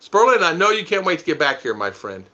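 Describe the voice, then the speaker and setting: Middle-aged male stream host, bright, forceful voice, rambling and chuckling, dull lo-fi sound. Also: a little high, big pitch swings, fast. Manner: chuckling, rambling, thanks viewers by name. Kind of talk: casual live stream chat reading comments.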